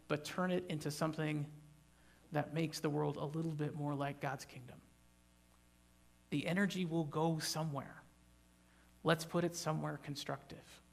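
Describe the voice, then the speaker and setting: A man as pastor preaching a sermon in a church, emphatic, building to loud animated bursts and joking with the congregation. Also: a little high, creaky.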